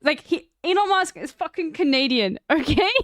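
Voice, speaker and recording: Young South African woman, South African accent, profane rambling chat, high voice, dry sound. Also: expressive, normal speed, a bit bright, no echo. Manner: profane, rambling, laughing asides. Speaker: streamer. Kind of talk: casual stream chat.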